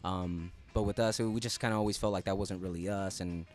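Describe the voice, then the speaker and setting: A man, a band's singer and bassist, talking in a laid-back casual way in a podcast interview. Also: steady tone, fairly quick, darkish tone, faint music behind. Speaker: band singer and bassist guest.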